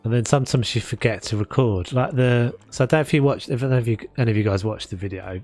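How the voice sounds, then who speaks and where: A man's voice: mid-range voice, quick pace, a little mellow, faint music behind. A man with a South London accent chatting casually and rambling, self-mocking, while building in a game. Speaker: gaming streamer. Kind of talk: casual gameplay commentary.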